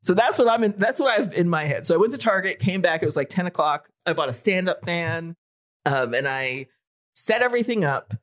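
A woman in her forties telling a story in casual podcast chat, animated and swearing freely. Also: lowish voice, fairly quick. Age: 40s. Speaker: podcast co-host.

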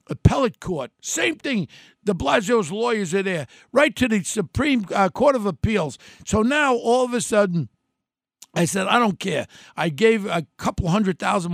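An older man with a gravelly New voice tells his story bluntly, his pitch high and swinging up and down. The sound is dry and close, with no room around it. He keeps slipping into the voices of the people he quotes. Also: dry recording. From New York City. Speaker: former mayoral candidate telling a story. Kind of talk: animated storytelling monologue.

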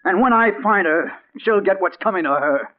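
A man's voice: high voice, animated, moderate pace. A man playing a hard-boiled male crime reporter in a 1940s radio drama, narrating and talking in an urgent, anxious way. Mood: pleading. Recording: tinny old 1940s radio broadcast.

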